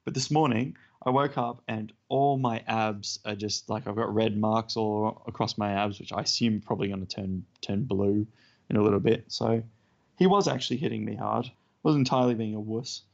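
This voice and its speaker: A man's voice: on the low side, fairly even intonation, moderate pace, creaky. A man co-hosting a podcast, telling a self-deprecating story in casual chat. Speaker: podcast co-host. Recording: dull lo-fi podcast audio.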